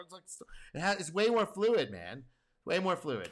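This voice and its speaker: A man's voice: sits high, very animated, a little fast. A man hosting a reaction commentary as a programming teacher, rambling and emphatic with casual swearing. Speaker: host and programming course teacher.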